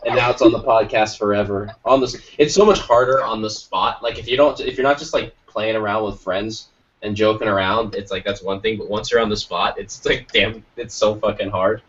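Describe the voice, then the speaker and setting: A man's voice: fairly low pitch, fairly quick, a bit bright. A man hosting a podcast in casual chat, rambling along and swearing now and then. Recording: lo-fi, distant from the mic.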